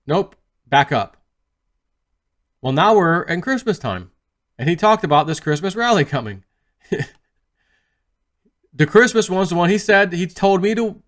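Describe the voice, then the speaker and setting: A man's voice: high voice, fairly bright tone. A man talking casually to his viewers in a rambling monologue, full of restarts and retold conversations. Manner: chatty, rambling, lots of restarts and retold asides. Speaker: crypto YouTuber.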